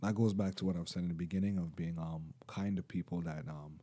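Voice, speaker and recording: A man co-hosting a podcast, telling stories in casual chat and acting out quotes. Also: brisk. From Canada. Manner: animated storytelling, acts out quotes in higher voice. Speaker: podcast co-host.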